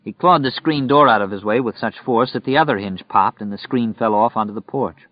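A man with a low voice narrating a story in a steady, measured way. The recording is close and dry, and its sound is dull and lo-fi. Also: no room sound. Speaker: audiobook narrator. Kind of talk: scripted narration.

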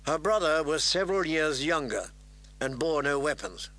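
A man narrating a fantasy novel in a measured, even storytelling voice. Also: a little high. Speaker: audiobook narrator.

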